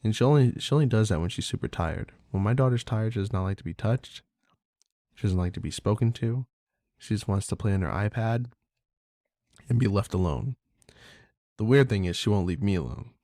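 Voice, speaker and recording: A man's voice: on the low side, animated, a little fast, long pauses, mellow, dry recording, studio quality. A man hosting a podcast in a casual, candid monologue, swearing freely and talking loosely. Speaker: podcast host.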